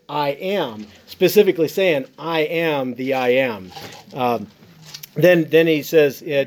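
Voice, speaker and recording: A man's voice: a little high, darkish tone. A man who wrote a Bible commentary, explaining scripture in casual teaching talk, earnest and full of fillers and restarts.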